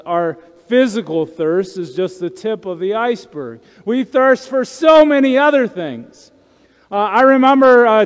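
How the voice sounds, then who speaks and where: A male pastor preaching a conversational sermon, often checking in with the congregation with asides. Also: high-pitched. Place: church sanctuary. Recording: church sanctuary with long reverb.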